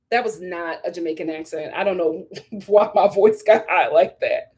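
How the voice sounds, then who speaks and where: A woman hosting a casual live stream, reading viewer comments aloud and reacting with opinionated chatter, laughs and sudden high squeals of surprise. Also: normal speed, darkish tone, breathy edge. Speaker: live stream host reviewing a reality show. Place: home in a hot city.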